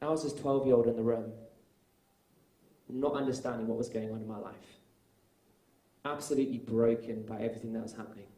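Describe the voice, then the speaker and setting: A man preaching a sermon, telling stories earnestly and rising to loud, emphatic peaks. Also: medium pitch. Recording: echoey room.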